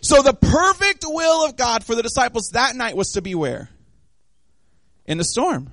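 A man preaching a sermon in an animated way, acting out the voices of the people in the story. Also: high voice, a little fast, no echo. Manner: animated, acts out voices of the disciples and of God.

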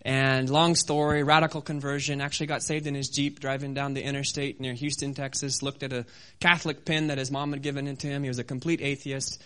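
A man's voice: medium pitch, fairly quick. A man preaching a sermon as a missionary, telling a story with humor and acting out sounds and voices. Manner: animated, acts out sounds and voices, self-deprecating humor.

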